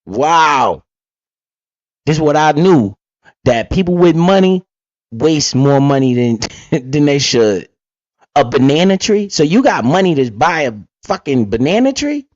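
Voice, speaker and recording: A man's voice: on the high side, big pitch swings, a little slow, no echo, muffled recording. A man giving blunt, profane, casual commentary while reacting to an interview, full of asides and storytelling.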